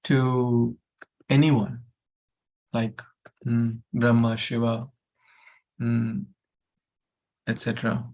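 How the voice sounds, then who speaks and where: Guy slowly going over a scripture verse for a study group, gravelly voice, keeps repeating words and throwing questions out. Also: mid-range voice, little pitch movement, darkish tone. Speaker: scripture class teacher.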